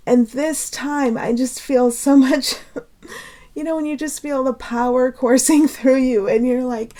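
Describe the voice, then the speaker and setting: A woman with a high-pitched voice speaks a little slowly in an unscripted spiritual talk. Emotional and earnest, she laughs often between phrases as she teaches, pleading at times and then calming herself down.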